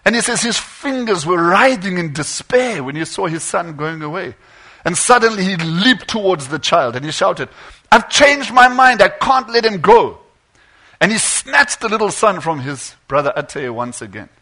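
A man preaching and telling a tense story dramatically, dropping to a hush and swelling again. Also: on the high side.

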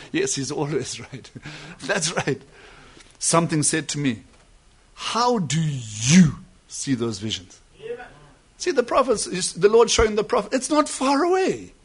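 Husky, high-voiced preacher man. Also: lively intonation. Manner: swings between soft asides and loud drawn-out emphasis. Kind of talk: sermon.

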